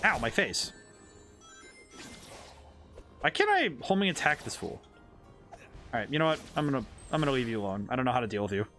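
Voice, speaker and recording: Animated, bright-voiced male game streamer. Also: medium pitch, fairly quick, pauses often, soft background music. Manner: rambling, playful, thinking aloud with restarts. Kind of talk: casual live-stream commentary while playing.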